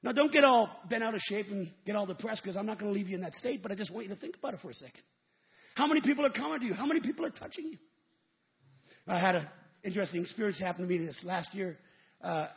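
A male evangelist preaching a sermon, telling stories and rising into emphatic shouted peaks. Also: sits high, creaky, dull audio.

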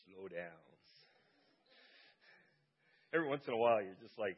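A man's voice: lowish voice, expressive, unhurried, pauses often, slightly rough, lo-fi sound. Earnest preacher man, repeating for emphasis. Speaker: pastor. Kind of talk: sermon. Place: church service.

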